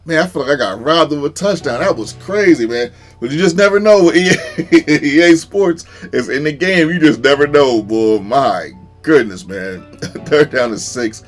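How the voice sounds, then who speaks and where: A man giving casual, chatty commentary over his own football video game match, laughing often and getting excited at big plays. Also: on the high side, normal speed, soft background music. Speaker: gaming YouTuber.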